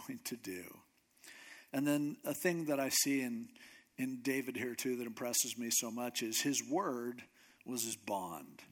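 A man preaching a sermon in a conversational way, sometimes acting out the voices of the people he quotes. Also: mid-range voice. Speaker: pastor.

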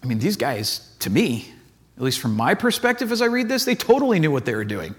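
High, lively-voiced man preaching casually. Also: a little fast. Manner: chatty storytelling full of "like" and acted asides. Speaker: pastor. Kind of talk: casual conversational sermon.

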